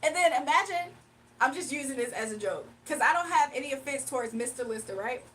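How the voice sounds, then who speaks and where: A woman hosting a casual livestream, talking straight to her viewers and chat, animated and laughing often. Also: sits high, fairly quick. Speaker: livestream host. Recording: distant mic with faint background noise.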